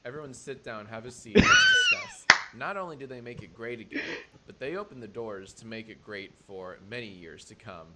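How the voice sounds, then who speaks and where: A man answering fan questions in a comedic video, sarcastic and exaggerated, breaking into laughing shouts. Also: fairly low pitch, expressive, fairly quick, hardly any pauses, very noisy.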